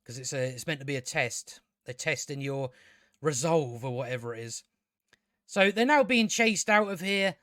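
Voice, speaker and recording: High-voiced sarcastic man ranting. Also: expressive, normal speed, fairly bright tone, dry recording, studio quality. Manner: sarcastic, profane, hesitant with many restarts. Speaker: video reviewer. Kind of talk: rambling casual recap review.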